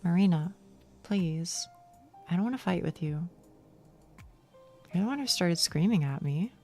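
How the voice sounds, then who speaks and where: A woman streamer voicing an earnest young heroine of a visual novel, speaking softly and pleading. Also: fairly low pitch, animated, unhurried, faint music behind. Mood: pleading, apologetic. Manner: soft, pleading.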